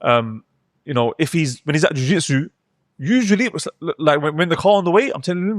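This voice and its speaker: A man's voice: a little high, lively intonation, quick pace, no echo, studio quality. A man in his thirties who speaks thoughtfully and hesitantly in a casual podcast chat, often restarting his words. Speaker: podcast co-host.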